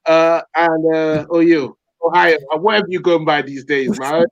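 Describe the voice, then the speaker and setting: A man hosting a live football podcast in a relaxed, jokey way, greeting guests as brother and man. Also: a little high, normal speed, muffled recording. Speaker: podcast host.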